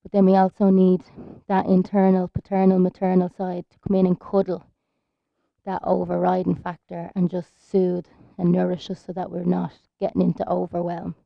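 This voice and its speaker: An Irish woman teaching yoga, chatty and soothing as she guides each pose. Her voice has a gravelly edge at a middling pitch. It sounds dull and lo-fi, with no room echo at all. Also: monotone, normal speed. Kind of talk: guided yoga class instruction. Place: outdoors in a park.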